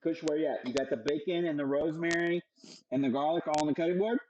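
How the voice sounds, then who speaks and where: A man's voice: on the high side, quick pace, darkish tone, slight background noise, low-quality recording. Joking young man hosting a cooking demo. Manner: playful, joking, swears freely. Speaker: cooking show host.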